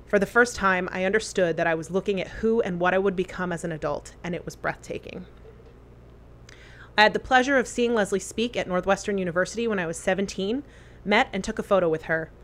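A woman earnestly reading a memorial letter aloud, with deliberate phrasing. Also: mid-range voice, a bit bright.

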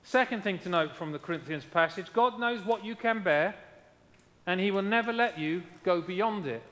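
A man's voice: high voice, moderate pace, fairly bright tone, in a large hall. A man preaching a sermon as pastor, emphatic, repeating key lines and asking his congregation how they are doing.

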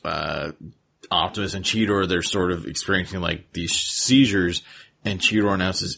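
A man with a very deep, gravelly voice and a husky edge. He is a podcast host recapping a cartoon episode. He talks in a laid-back, rambling way. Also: normal speed, a bit bright.

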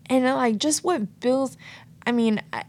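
A woman's voice: high-pitched, unhurried. A woman hosting a reflective solo podcast, telling stories in a casual, earnest way. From United States. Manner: casual, earnest, storytelling with many "like" and "you know". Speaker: podcast host. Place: New York City.

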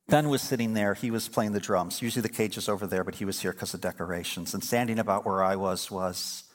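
A middle-aged man preaching a sermon as pastor, telling stories and building to emphatic, fervent points. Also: fairly low pitch. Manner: storytelling, swings from quiet to emphatic.

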